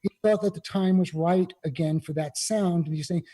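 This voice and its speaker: Man, high voice, mellow tone, rambling casual anecdotes, video call. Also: moderate pace, low-quality recording. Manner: rambling, full of "you know" fillers. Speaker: guest musician.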